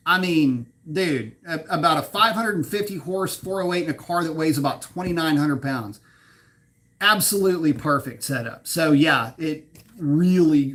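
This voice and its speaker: A man's voice: fairly high pitch, a bit bright. A man hosting a casual live car chat, reading viewers' comments aloud and riffing on them, swearing now and then and laughing at his own slips. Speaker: livestream host reading chat.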